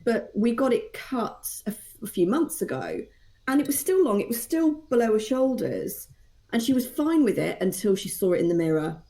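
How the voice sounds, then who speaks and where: Woman, thirties, mellow tone, chatty and self-deprecating storyteller, casual podcast chat. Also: on the high side, very animated, moderate pace. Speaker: mother and guest.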